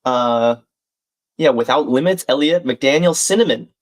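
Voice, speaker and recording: A man runs a live crossword stream, chatting casually in an everyday middle-pitched voice that is a little slow. He thinks out loud, reads both clues and viewers' names, and tosses friendly comments to his chat.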